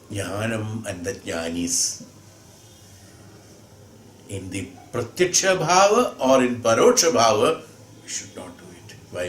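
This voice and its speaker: A man's voice: fairly low pitch, a bit bright. A man giving a spiritual discourse, explaining patiently and posing rhetorical questions. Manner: explanatory, rhetorical questions, acts out quoted speakers. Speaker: spiritual teacher. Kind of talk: discourse on scripture. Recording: echoey room with faint ambient noise.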